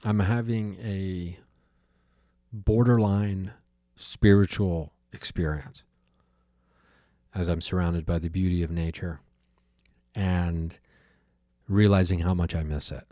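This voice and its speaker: Deep, mellow-voiced man musing alone. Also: fairly even intonation, slow pace, pauses often, dry recording. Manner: musing, storytelling, frequent fillers and restarts. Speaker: podcast host. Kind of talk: reflective solo monologue.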